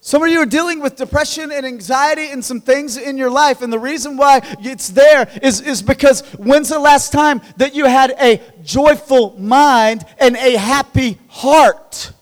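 A high-pitched man in his thirties preaches to his church with lively, conversational energy. He stumbles and repeats himself as he gets going. His voice rings with the long reverb of a large hall. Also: measured pace, few pauses. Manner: energetic, conversational, repeats words when excited. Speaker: pastor. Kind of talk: sermon.

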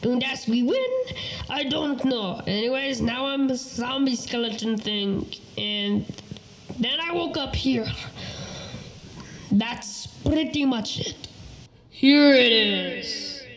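A man's voice: very high-pitched, slow, fairly bright tone, slight background noise, full character voice. A young man voicing a drunken, rum-obsessed undead pirate captain in a comedy podcast, with blustering pirate talk. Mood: rambling. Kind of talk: improvised comedy podcast role-play.

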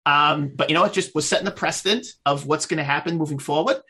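A man's voice: fairly high pitch, quick pace, pushed and bright, slightly rough, voice pushed up. A man voicing a cowardly male vault survivor who rambles nervously with lots of ums.

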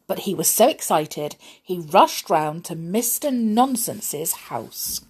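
A woman's voice: lowish voice, takes it slowly, few pauses, breathy edge. A woman reading a children's story aloud, asking her young listeners questions along the way. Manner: animated, asks listeners questions.

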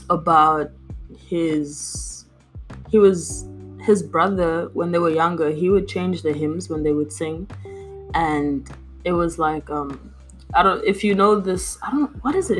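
A young woman, a university student, telling annoyed stories in a casual chat, animated and exasperated, with lots of fillers. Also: lowish voice, low-quality recording. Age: young adult.

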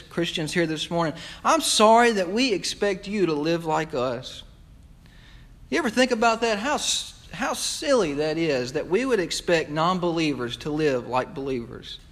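Impassioned preacher man, fairly high voice. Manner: impassioned, repetitive, conversational preaching. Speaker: pastor. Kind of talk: sermon. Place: church sanctuary.

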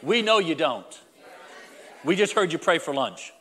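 A man's voice: fairly high pitch, big pitch swings, a little slow, big-room sound, noisy background. A man preaching a sermon as pastor, emphatic and repetitive, speaking directly to the congregation.

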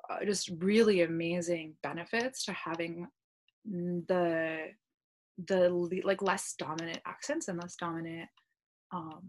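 A woman, a podcast guest, chatting casually and telling stories with quick laughs and acted-out dialogue. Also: fairly low pitch. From United States. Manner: lively storytelling, quick laughs, acts out dialogue. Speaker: podcast guest, language content creator. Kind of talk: casual interview chat.

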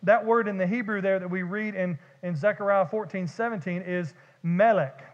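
A man's voice: high-pitched, moderate pace. A man preaching a sermon as pastor, talking in a conversational way that often repeats and restarts words. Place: church sanctuary. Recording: dull lo-fi church recording with long reverb.

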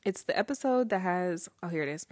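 A woman's voice: lowish voice, animated, a little fast, darkish tone, dry recording, clean studio sound. A young woman hosting her own podcast from home, chatting loosely with lots of fillers, laughs and the odd swear. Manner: rambling, many fillers, swears, laughs often. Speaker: podcast host. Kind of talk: casual solo podcast chat. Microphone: handheld microphone.

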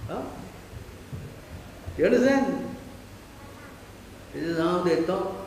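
A man's voice: high voice, animated, slow, long pauses, a little mellow, slight background noise. Emphatic man teaching in echoey hall. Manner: emphatic, rhetorical questions, frequent "you understand?". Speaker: spiritual teacher. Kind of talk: devotional class with questions.

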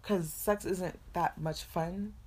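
A woman's voice: fairly low pitch, fairly even intonation, slow pace, a little mellow, husky. A young woman co-hosting a podcast, telling a long story in casual chat and acting out the quotes with changed voices. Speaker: podcast co-host.

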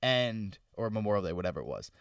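Animated young man telling stories. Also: lowish voice, quick pace, vocal fry, smooth, no echo, far from the mic. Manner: animated storyteller, swears a lot. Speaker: podcast co-host. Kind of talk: casual chat. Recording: dry, a bit off-mic.

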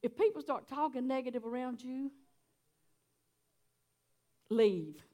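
A woman's voice: sits high, lively intonation, takes it slowly, warm tone. A middle-aged woman, preaching a folksy, chatty sermon and laughing often.

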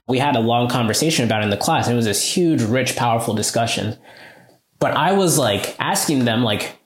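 A man tells a classroom story with earnest conviction, his voice lifting when he is moved. He speaks at an average pitch. The recording carries a noticeable room echo. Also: expressive, moderate pace. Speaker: high school teacher, guest. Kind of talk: conversational storytelling.

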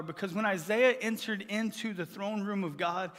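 A pastor with a notably high, slightly bright voice preaches to his congregation at normal speed, emphatically repeating phrases to drive his points home. A long reverb trails his words, like in a large church hall.

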